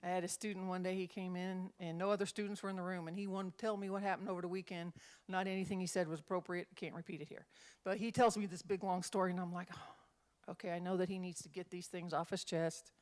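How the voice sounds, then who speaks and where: A woman's voice: fairly low pitch, quick pace. A middle-aged woman minister leading a Bible study, telling stories and acting out the voices in them. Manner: animated storyteller, acts out quotes.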